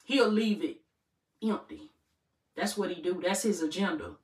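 A woman's voice: fairly low pitch, a little slow. A woman coach and channel host giving a faith-based motivational talk in a preacherly way, repeating her points in call-and-response. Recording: roomy room, distant mic.

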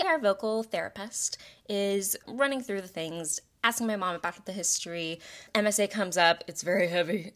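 A young Texan woman hosts a podcast, her mid-range voice fairly bright. She chats casually and tells stories with dramatic flair, tossing in jokes and swearing.

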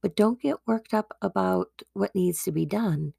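A tender, reassuring Jesus, put on by a woman retelling the story. He speaks slowly and kindly, with a low, gravelly voice. The sound is close and dry. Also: dark tone, no echo, full character voice. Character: gentle reassuring male Jesus, adult.

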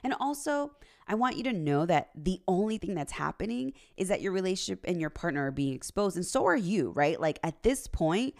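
A woman in her thirties hosts a casual relationship livestream, with a low voice and a gravelly, creaky edge. She talks earnestly about faith and values, tosses in "right?" and "like", and laughs easily as she tells stories. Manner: earnest, faith-based, uses "right?" and "like" often; animated storyteller, laughs easily. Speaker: relationship coach and host. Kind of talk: casual livestream talk, reading viewer comments.

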